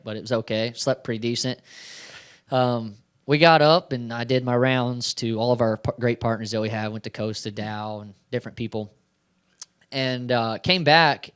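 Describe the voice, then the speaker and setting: A man's voice: medium pitch, a bit bright, clean tone. A man, a race car driver, answering questions at a press conference in a chatty storytelling way, acting out bits of dialogue.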